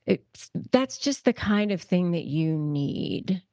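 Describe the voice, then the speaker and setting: With a lowish, dark-toned voice that is animated yet slow, this podcast guest, an attorney and negotiation expert, gives advice emphatically. She repeats key phrases and restarts a lot, and the recording has no echo.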